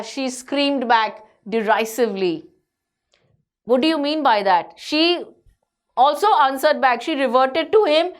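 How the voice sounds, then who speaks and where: A woman teacher with an Indian English accent who reads story lines slowly and then explains them to students in simple words. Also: fairly high pitch.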